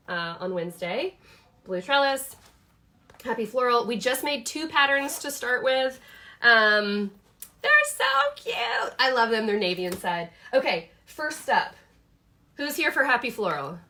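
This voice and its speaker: Woman host, 30s, bright and chatty, thinking aloud through a casual product chat. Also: medium pitch. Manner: chatty, enthusiastic, thinks aloud with many fillers. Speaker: host showing her planner products. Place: home office.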